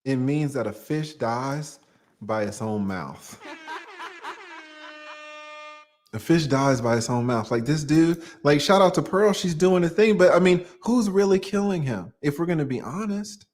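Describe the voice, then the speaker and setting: A man's voice: on the high side, expressive, a little slow, darkish tone, a little hiss or hum. A man hosting a livestream, joking and laughing often as he reads viewer super chats aloud in casual chat.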